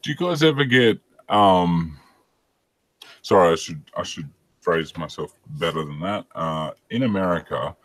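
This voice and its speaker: A man's voice: low-pitched, lively intonation, a little slow, no echo. A man, chatting casually and crudely, joking and asking rambling questions. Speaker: podcast co-host. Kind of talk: casual chat.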